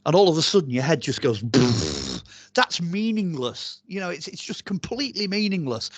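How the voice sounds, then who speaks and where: A man speaks with a fairly high voice, telling long, rambling stories with plenty of ums and restarts. The sound is dry and close, with almost no room around him. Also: no echo. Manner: chatty and animated, rambling with many fillers and restarts. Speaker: archaeologist and author, interview guest. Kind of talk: casual interview storytelling.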